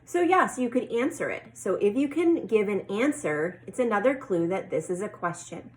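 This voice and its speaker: A woman teaching a first grade class, reading example sentences slowly and clearly. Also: medium pitch, animated, poor audio. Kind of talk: teaching a lesson to young children.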